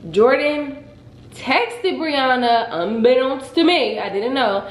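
Young woman dramatically telling a story, kinda high voice, echoey room. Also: takes it slowly. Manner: dramatic, animated retelling. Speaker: vlogger. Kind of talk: casual storytime.

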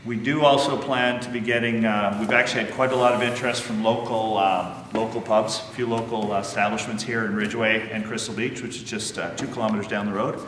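A man's voice: lowish voice, steady tone, fairly quick, few pauses, a bit bright, a little hiss or hum. A man who owns a brewery, talking eagerly in a casual interview, with lots of fillers. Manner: chatty, eager, many fillers. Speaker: brewery owner. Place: large unfinished building. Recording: echoey hall, from far off.

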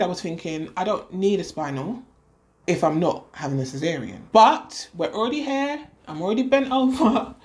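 A young woman vlogger casually telling a personal story, chatty and animated, acting out what others said. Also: lowish voice. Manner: chatty, animated retelling with quoted voices and laughs.

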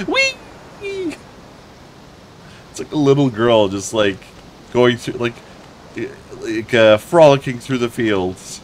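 A man's voice: medium pitch, measured pace, slight background noise. A young man giving casual, sarcastic gameplay commentary as a let's play host, swearing freely and joking at the game.

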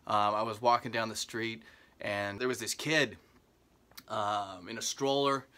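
Bright-voiced rambling comic. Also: male voice, steady tone, a little slow, clean tone. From Canada. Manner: rambling, with many asides and fillers; jumps into exaggerated high disbelief. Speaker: comedian. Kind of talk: comedic storytelling vlog. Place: parents' basement.

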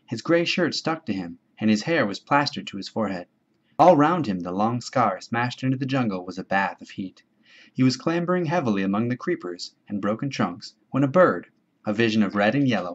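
A man reading a novel aloud in a measured, steady storytelling voice. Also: fairly low pitch. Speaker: audiobook reader. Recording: dull lo-fi home recording.

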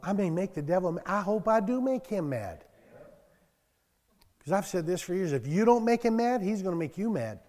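A man in his sixties with a high, sing-song voice preaches at a moderate pace in a large hall. The pastor's sermon to his small church is conversational and folksy, full of homespun stories, with his voice rising in loud bursts for scripture.

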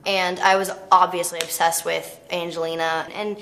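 A teenage girl telling stories casually in an interview, chatty and animated, with plenty of filler words. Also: fairly low pitch, normal speed, slight background noise. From United States. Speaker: actress interviewee.

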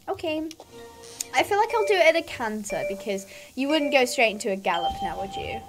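Chatty high-voiced gamer girl. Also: sing-song, brisk, over music. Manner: chatty, giggly, rambling. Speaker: gaming YouTuber. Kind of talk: casual let's-play commentary.

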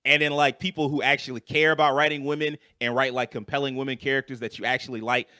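A young adult man co-hosting a podcast in casual chat, animated and swearing freely with lots of fillers. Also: medium pitch, quick pace, dry recording. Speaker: podcast co-host.

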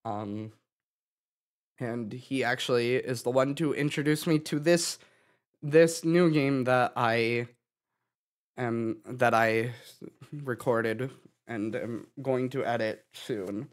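A young man giving a halting personal update to his channel, sighing and restarting his sentences, tearful from crying. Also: mid-range voice. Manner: halting, with many restarts and sighs. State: tearful, having been crying. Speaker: gaming YouTuber.

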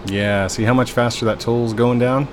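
A man's voice: mid-range voice, fairly even intonation, normal speed, background noise. A man casually commenting on his own gameplay as host, chatty and sighing at glitches. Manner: chatty, sighing, mildly exasperated. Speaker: gaming video host. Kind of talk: casual let's-play commentary.

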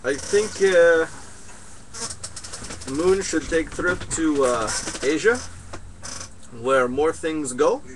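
A man voicing a solemn mystic guru who speaks broken English and drops his articles, pausing with slow "uh"s in an improvised comedy sketch. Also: on the high side, animated, noisy background. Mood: preachy.

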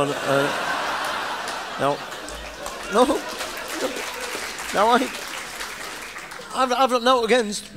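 Lively Northern English stand-up comic. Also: male voice, sits high, slight background noise. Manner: rambling, chatty storytelling with asides. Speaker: comedian. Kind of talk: live stand-up monologue. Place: live show in front of an audience.

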